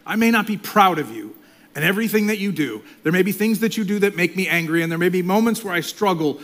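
Man preaching, swinging loud to whispered. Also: high voice, animated, fast talker. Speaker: pastor. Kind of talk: sermon.

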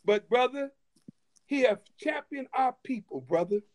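Animated high-voiced man telling stories. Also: measured pace. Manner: animated, repetitive restarts, laughing asides. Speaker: guest storyteller. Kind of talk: casual storytelling chat.

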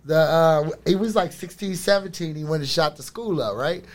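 A man's voice: a little high, moderate pace. A middle-aged man in casual chat, telling long rambling stories in street slang. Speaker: storyteller on a podcast.

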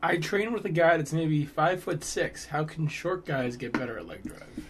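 A man's voice: a little high, lively intonation, moderate pace, breathy edge. A man co-hosting a casual podcast, adding short easygoing comments. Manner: brief, easygoing chimes. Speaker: podcast co-host. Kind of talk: casual chat.

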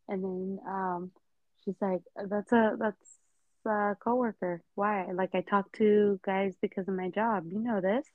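A woman co-host tells a juicy story with lively energy, slipping into each person's voice as she quotes them. Her voice comes through thin and narrow like a phone line, with a dry, close sound. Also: mid-range voice, a little slow, dry recording. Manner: animated gossipy storytelling, acts out quotes, frequent "like". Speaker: podcast co-host. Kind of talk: casual storytelling chat.

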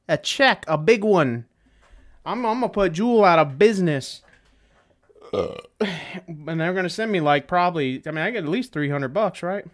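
High-voiced young man rambling on a podcast. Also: animated, measured pace. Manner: rambling, profane, joking. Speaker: podcast host. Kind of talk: casual solo podcast monologue. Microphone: desk setup with webcam.

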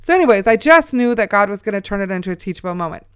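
Earnest woman, smooth dry voice. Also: mid-range voice, expressive, racing, a bit bright, dry recording. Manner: earnest, exhorting the audience. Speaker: mother sharing a faith testimony. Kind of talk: Christian storytelling talk.

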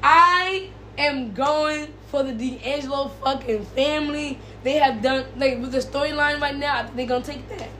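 A woman's voice: high-pitched, normal speed, few pauses, sharp tone, slight background noise. A woman co-hosting a casual wrestling podcast, ranting bluntly with lots of slang and swearing. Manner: profane, heated ranting. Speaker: podcast co-host. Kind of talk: casual chat.

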